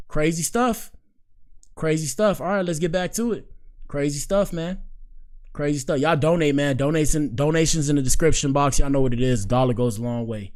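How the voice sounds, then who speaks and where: A man's voice: on the high side, normal speed. Slangy young man hosting a live stream. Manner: slangy, animated, talks back to the screen. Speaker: show host. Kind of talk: casual live-stream commentary.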